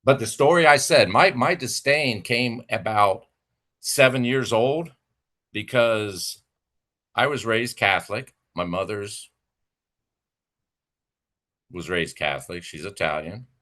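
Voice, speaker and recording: This man's lowish voice has a sharp edge, and he speaks slowly with frequent pauses. He's an adult with kids hosting a livestream, where he delivers a heated, profane, sarcastic rant at a rival and mocks him.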